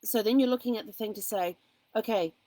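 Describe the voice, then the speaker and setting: A woman's voice: a little high, fast talker, warm tone, no room sound, poor audio. A woman hosting a casual motivational talk, speaking in an earnest, encouraging way and weaving in personal asides. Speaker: host.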